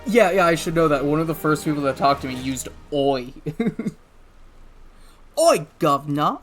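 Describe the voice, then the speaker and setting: A man's voice: fairly high pitch, animated, fairly quick, fairly bright tone, faint music behind. A man streaming a game, chatting casually and often breaking into chuckles. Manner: chuckling, self-interrupting. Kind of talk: casual gameplay commentary.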